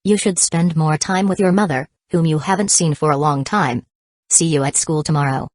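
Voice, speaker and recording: A woman voicing a calm, confident teenage boy in a storybook reading, with a smooth, even delivery. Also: low voice, moderate pace, no room sound. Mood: calm teasing.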